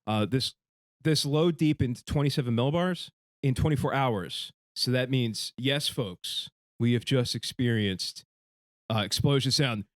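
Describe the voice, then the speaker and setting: A man's voice: mid-range voice, a little slow, dry recording, studio quality. A man hosting a podcast in casual chat, rambling with fillers and swearing. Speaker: podcast host.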